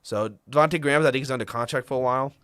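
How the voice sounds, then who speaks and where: A man's voice: mid-range voice, a bit bright, clear, resonant tone, no room sound. Dry-voiced man running through trades. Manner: rundown of trades, fillers and quick asides. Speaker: podcast co-host. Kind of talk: casual sports chat.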